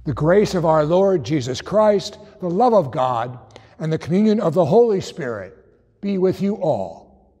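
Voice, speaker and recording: Man saying church prayers slow and solemn, warm dark voice, echoey hall. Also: on the high side, sing-song, slightly rough. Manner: measured, solemn recitation. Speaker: pastor. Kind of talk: liturgy.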